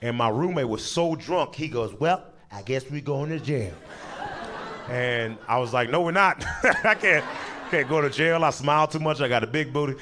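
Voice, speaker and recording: A man doing stand-up, telling a long story and acting out the people in it with quick voice changes. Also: medium pitch. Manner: animated, acts out characters in quick voices, breaks into laughter. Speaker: stand-up comedian.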